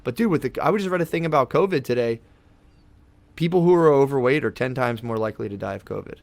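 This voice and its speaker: A man's voice: mid-range voice, quick pace, creaky, dry recording. Loose, rambling man with a dry sound. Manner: rambling, laid-back, swears a lot, says "dude". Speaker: podcast guest. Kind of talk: casual chat. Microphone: podcast studio microphone.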